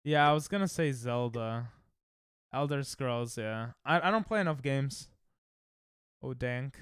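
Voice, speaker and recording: A young man streaming casually, reacting excitably and thinking aloud while he plays, sounding tired. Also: mid-range voice, a little slow, pauses often, clear, resonant tone, dry recording, clean studio sound. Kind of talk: casual live-stream chat while playing games.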